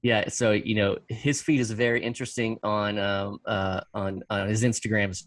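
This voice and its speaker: A low-voiced man hosting a podcast, speaking relaxed and casual. He leans on fillers and repeats words as he goes. The recording is dry and close, with no room sound. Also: normal speed, no echo. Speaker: podcast host.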